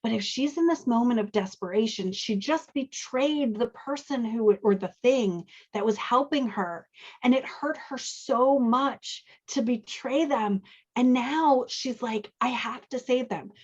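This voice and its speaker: A woman's voice: on the high side, unhurried, lo-fi sound. A woman hosting a show, casually teaching dialogue as she edits a manuscript and often asking "right?" as she thinks aloud. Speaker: host and dialogue editor. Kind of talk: casual teaching chat while editing a manuscript.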